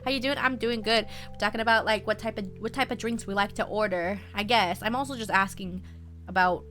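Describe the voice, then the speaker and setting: A woman's voice: mid-range voice, fairly even intonation, fairly quick, bright, forceful tone, soft background music. A young woman chatting casually on a live stream, giggling often and answering her viewers' messages. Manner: reads and answers chat messages.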